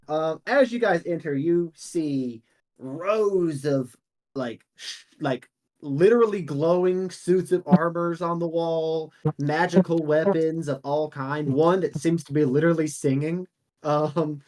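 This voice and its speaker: A man's voice: fairly high pitch, a little mellow. A man narrating a tabletop game as game master, rambling with many fillers. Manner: rambling, many ums and likes.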